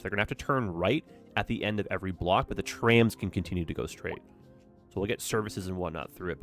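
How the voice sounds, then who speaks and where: A young man commenting casually on a city-building game as he streams it, upbeat and chatty, often tagging his sentences with "eh". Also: on the low side. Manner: chatty, upbeat, tag questions with "eh". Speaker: gaming streamer. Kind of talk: casual let's-play commentary.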